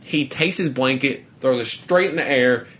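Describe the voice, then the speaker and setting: A man's voice: medium pitch, moderate pace, a bit bright. Laughing, rambling young man. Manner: rambling, laughs through his own stories, stammers and restarts. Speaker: podcast co-host. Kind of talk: casual storytelling chat.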